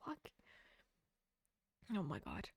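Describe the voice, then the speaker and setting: A woman's voice: very slow, no echo. A young woman streamer in casual livestream commentary, ranting hotly while reading a post aloud, swearing and breaking into laughter. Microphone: close mic she bumps.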